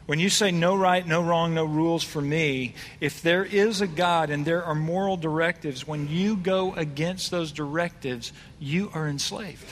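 A man's voice: a little high, measured pace, hardly any pauses, slight background noise. A man preaching a conversational sermon, asking his congregation questions. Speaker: pastor. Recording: reverberant hall.

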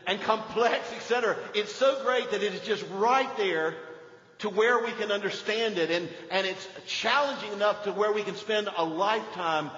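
An older man preaching a sermon, swinging between emphatic lines and hushed ones. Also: sits high, normal speed. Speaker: pastor. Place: church sanctuary. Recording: dull echoey church hall recording.

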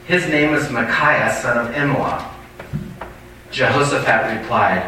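A man's voice: medium pitch, lively intonation, moderate pace, bright, forceful tone, slight background noise. A male pastor preaching a sermon, reading scripture aloud and breaking off with asides to the congregation. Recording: distant mic in a very echoey hall.

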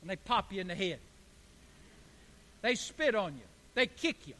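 A high-voiced, bright-toned male pastor delivers a sermon, swinging from quiet asides to loud emphatic bursts. His voice rings out with a long echo in a large hall. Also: big pitch swings, measured pace. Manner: preaching with rising emphatic bursts. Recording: echoey hall.

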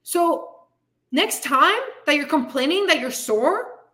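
High bright-voiced woman, blunt and swearing. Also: lively intonation, slow. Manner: blunt, frequent swearing, tough-love pep talk; frustrated, venting. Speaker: fitness coach and podcast host. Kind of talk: candid motivational monologue.

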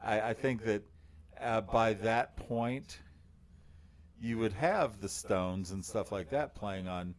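A man with a baritone voice co-hosts a casual podcast. He tells his story slowly and in a low register. He rambles and fills his pauses as he goes. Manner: slow, rambling storytelling with many fillers. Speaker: podcast co-host. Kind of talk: casual chat.

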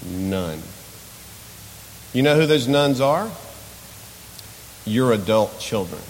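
A man's voice: mid-range voice, animated, takes it slowly, in a large hall, a little hiss or hum. A male pastor preaching a sermon with impassioned, repetitive rhetorical questions, in a church sanctuary.

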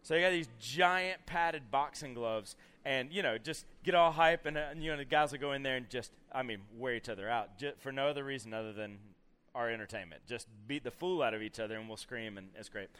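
A man's voice: medium pitch, fairly quick, clean tone. A young man giving a storytelling sermon to a youth camp, acting out scenes with lots of casual fillers. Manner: animated storyteller acting out scenes, many "you know" fillers. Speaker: camp speaker.

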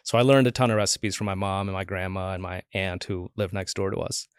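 This podcast guest, a man in his forties, speaks in a low, easygoing, smooth voice, a little fast and with fairly even intonation. Chatting through casual stories, he takes on the voices of those he quotes and relies heavily on "like" as a filler. The close, dry recording carries no room sound.

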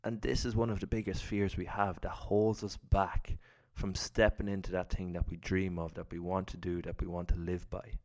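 A man's voice: low voice, little pitch movement, moderate pace, few pauses, a little mellow. A man giving an earnest, reflective personal talk about self-belief, telling his story with acted-out inner thoughts. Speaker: self-development speaker.

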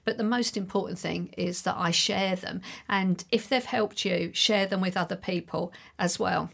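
A woman's voice: lowish voice, steady tone, normal speed, gravelly, a bit bright. A middle-aged woman hosting her own podcast, talking alone to listeners in a chatty, reassuring and encouraging way. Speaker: podcast host. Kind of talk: solo podcast monologue.

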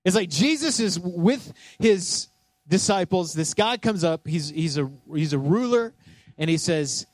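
Guy preaching, high voice, dry close sound, jokes around and asks the crowd stuff. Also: expressive, measured pace, no echo. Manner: conversational, joking, asks the congregation; acts out scripture scenes in voices. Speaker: pastor. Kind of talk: sermon.

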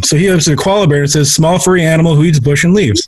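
A man co-hosts a casual podcast, spinning a long crude joke. He rambles and restarts, and his voice sits a touch high. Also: rapid-fire, a little mellow, slight background noise. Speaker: podcast co-host and editor.

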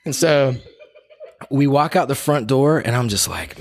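Animated man telling a story. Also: mid-range voice, unhurried. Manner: animated, slangy, laughs a lot. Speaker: real estate agent. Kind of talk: casual storytelling.

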